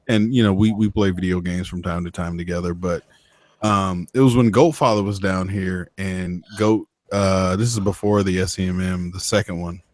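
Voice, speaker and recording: Low-voiced man telling rambling stories. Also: a little mellow, no room sound. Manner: rambling, profane storyteller. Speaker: motovlogger. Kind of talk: casual chat.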